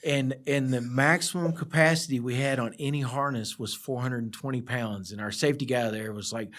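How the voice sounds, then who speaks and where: A middle-aged project surveyor, a podcast guest, tells rambling work stories in a casual chat, laid-back and laughing often. His medium-pitched voice moves at a moderate pace with hardly any pauses.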